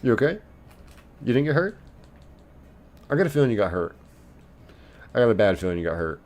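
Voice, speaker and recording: A man's voice: medium pitch, sing-song, a little fast, darkish tone. A man live streaming a game, reading viewers' chat messages aloud and answering them playfully. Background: faint game music.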